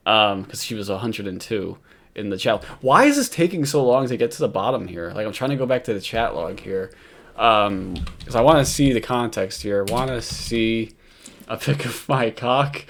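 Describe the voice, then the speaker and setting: A man's voice: fairly low pitch, lively intonation, normal speed. A man with a New York accent, talking through a casual reaction commentary. He rambles between points, swears freely and keeps breaking into laughter as he mocks what he is watching.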